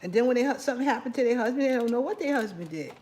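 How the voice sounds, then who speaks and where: A woman's voice: fairly high pitch, animated, rapid-fire, a little mellow, slight background noise. Chatty New York woman cooking. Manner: chatty, talks while cooking. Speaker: cooking channel host. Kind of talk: casual cooking vlog chat.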